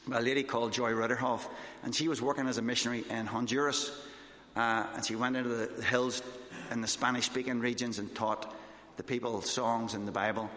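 A man from Northern Ireland with a Northern Irish accent, giving a fast, excitable church talk as a missionary speaker. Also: mid-range voice. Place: church hall. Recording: echoey church hall.

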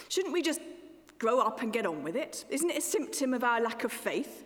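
A woman, a guest preacher delivering a sermon with expressive, rising questions that fall away to soft endings. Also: on the high side, brisk. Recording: church with long reverberation.

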